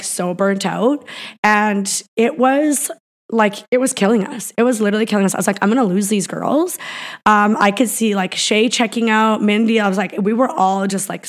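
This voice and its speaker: A Canadian woman, a business founder, speaks in a mid-range voice during a casual interview. She rambles, restarting often and leaning on plenty of fillers.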